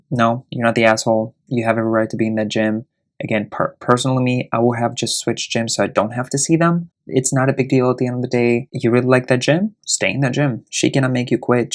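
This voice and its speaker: A man hosting a casual show, reading online stories aloud and giving blunt, profane, indignant verdicts on them. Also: medium pitch.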